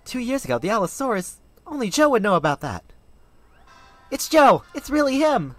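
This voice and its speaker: High falsetto young woman, fretful, loud exclaims, as a man puts her on. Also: big pitch swings, moderate pace, dry recording, exaggerated voice. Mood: excited. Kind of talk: fan voice-over of a game.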